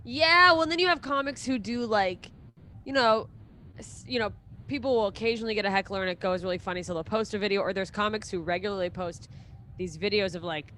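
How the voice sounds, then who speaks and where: A woman's voice: mid-range voice, fairly quick, pushed and bright, a little hiss or hum. A young adult woman, a touring stand-up comedian, chatting casually as a guest, laughing often, swearing and acting out quotes. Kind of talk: casual chat.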